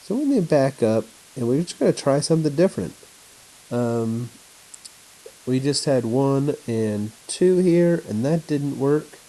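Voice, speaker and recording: A male teacher walking through a chemistry lesson at home on his laptop, in a flat, announcer-like voice. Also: medium pitch, a little slow, rough recording. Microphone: laptop mic.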